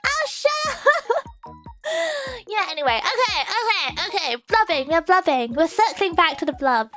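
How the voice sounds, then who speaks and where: Give me a young woman streamer with a very high, lively voice, laughing a lot and chatting playfully. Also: moderate pace, faint music behind. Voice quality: giggly, laughs often. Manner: playful, self-mocking rants. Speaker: streamer host. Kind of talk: casual live-stream chat.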